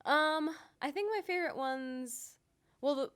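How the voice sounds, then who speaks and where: A woman's voice: sits high, unhurried, fairly bright tone. A young adult woman voice actor chatting casually in an interview, with lots of ums and likes. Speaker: voice actor guest. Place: convention interview.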